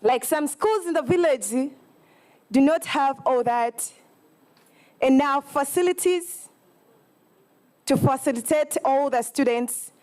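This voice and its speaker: A young woman with a Ugandan accent delivers a student campaign speech in a high voice. She talks slowly and earnestly, halting and apologizing as she goes. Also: darkish tone. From Eastern Uganda. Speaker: student election candidate.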